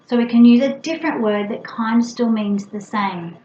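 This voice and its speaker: With a fairly high but dark-toned voice at normal speed, this middle-aged speech pathologist talks parents through things patiently, now and then acting out sounds in an exaggerated, playful way. The room sounds roomy and a bit dull, with faint ambience.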